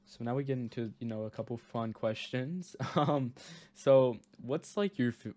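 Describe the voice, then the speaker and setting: A man's voice: medium pitch, measured pace, a little mellow, no room sound. A man hosting a casual podcast interview over a voice call, laid-back and asking short questions. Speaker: podcast host.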